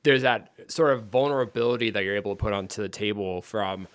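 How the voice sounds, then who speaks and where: Smooth, low-voiced podcast host man. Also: fast talker, no echo. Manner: loose and chatty, heavy on "like" fillers. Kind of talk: casual podcast chat.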